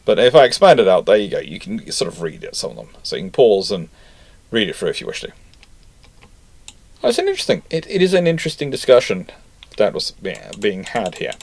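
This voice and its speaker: A man hosting a history channel, chatting casually and correcting himself as he reads out viewer comments. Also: on the low side. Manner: rambling, self-correcting, chatty.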